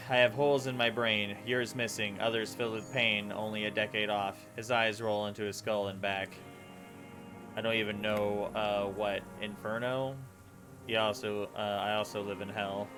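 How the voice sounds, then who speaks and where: Tired, halting man reading game lines. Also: lowish voice. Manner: mumbling, halting reading with many fillers. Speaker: streamer reading game dialogue aloud. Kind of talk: casual live-stream reading and chat. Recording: game music loud behind voice. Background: game music.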